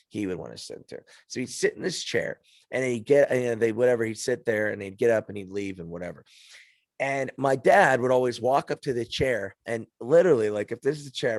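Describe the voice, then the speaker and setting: Gravelly, profane man telling stories. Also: mid-range voice, no echo, studio quality. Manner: profane, rambling storyteller with frequent restarts. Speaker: podcast guest. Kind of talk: casual chat.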